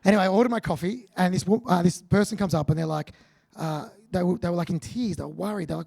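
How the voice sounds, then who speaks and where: A man's voice: high voice, quick pace, creaky. Punchy Australian man giving a keynote. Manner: energetic, punchy, jokey with the audience. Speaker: keynote speaker. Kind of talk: motivational keynote speech.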